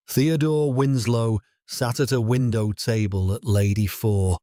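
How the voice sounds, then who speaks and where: Male narrator for a dramatic story: unhurried, mellow, steady and solemn. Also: on the low side, no room sound, clean studio sound.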